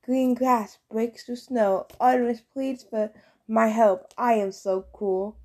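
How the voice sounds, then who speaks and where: Lady reading as a show-off teen sun god, high and loud, super pleased with himself. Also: steady tone, slow. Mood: cocky, playful. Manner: boastful, cheerful, showy.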